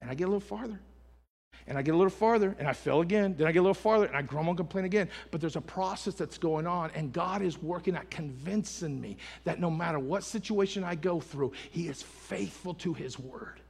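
A man preaching a sermon as pastor, fervent, building up loud and calling out to his church. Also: on the high side, fairly quick, gravelly, slightly rough. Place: church sanctuary. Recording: long hall reverb.

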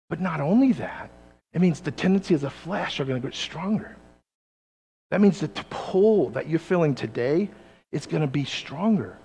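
A man preaching a sermon as pastor, swinging from quiet low passages to loud, near-shouting stories, in a church sanctuary. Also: gravelly, husky. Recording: long reverb from a large hall.

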